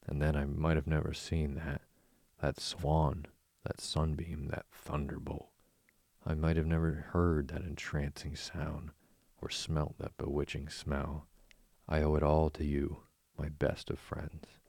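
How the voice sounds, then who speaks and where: A man's voice: very deep voice, completely flat delivery, unhurried, vocal fry, darkish tone, no echo, clean studio sound, exaggerated voice. A man voicing a boastful, giddy male toad who murmurs in a dreamy, rapturous way.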